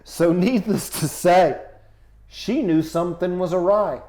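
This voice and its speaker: A man with a slightly high-pitched voice spins a comic story as a podcast guest. He is profane and animated. He drops into low, muttered asides, then climbs into loud, indignant peaks. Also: unhurried, a little hiss or hum. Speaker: touring comedian guest.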